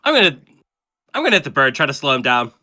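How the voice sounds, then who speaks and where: A man's voice: mid-range voice, sing-song, fast, sharp tone. A young man playing a tabletop game with friends, playful and jokey, laughing easily. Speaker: player. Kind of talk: casual tabletop game play.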